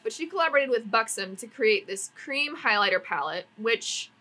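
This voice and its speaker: A woman's voice: fairly high pitch, lively intonation, moderate pace, sharp tone. A young woman vlogging at home, giving rambling, exasperated opinions on new makeup releases with lots of "like" fillers. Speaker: beauty vlogger. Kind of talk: casual opinionated product review. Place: home, neighbors' yard work nearby.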